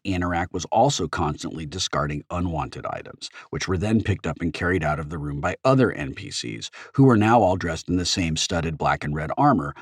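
Brief: low, animated male reader, dry close studio sound. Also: husky, no room sound. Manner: expressive storytelling. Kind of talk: audiobook narration.

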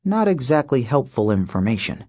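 With a mid-range voice, a man narrates an audiobook from a script, keeping his storytelling steady and measured.

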